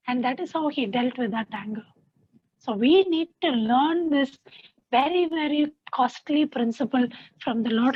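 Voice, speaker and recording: A woman's voice: sits high, no room sound. A woman counselor giving an earnest sermon-style talk on a video call, repeating phrases for emphasis. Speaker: guest speaker, counselor. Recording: dull, dry video-call audio.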